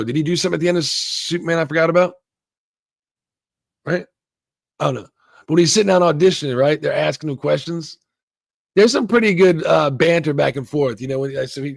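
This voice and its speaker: A man with a somewhat high, gravelly voice rambles through a casual episode review, swearing freely and slipping into bits of the characters' dialogue. The sound is close and dry, with no room around it. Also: dry recording. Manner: rambling, swears a lot, acts out quoted lines. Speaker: show reviewer. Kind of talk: casual profane recap and review.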